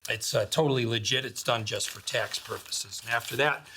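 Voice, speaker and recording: A man's voice: mid-range voice, brisk, pushed and bright, slight background noise, natural voice. An actor playing a slick male lawyer with a Chicago accent, talking in brash sales patter. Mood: smooth.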